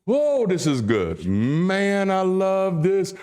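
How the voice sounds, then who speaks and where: A man, a baritone voice and a preacher's cadence, delivering an emphatic, profane, repetitive monologue as the show's host. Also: very animated, slow pace, a little mellow.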